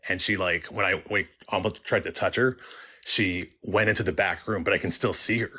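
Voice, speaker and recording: Man, young adult, caller telling a story, deep voice, halting, many fillers and restarts. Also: fairly even intonation, sharp tone, breathy edge. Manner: halting, full of likes and ums, restarts often. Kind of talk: casual first-person storytelling.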